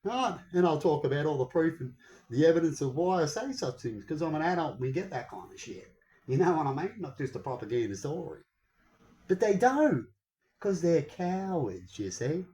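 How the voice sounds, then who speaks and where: A young man talks straight to his viewers in a casual vlog rant, heated and full of swearing. His voice sits on the high side and jumps around with lively, wide swings in pitch. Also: normal speed, poor audio. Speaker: vlogger. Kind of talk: casual ranting monologue.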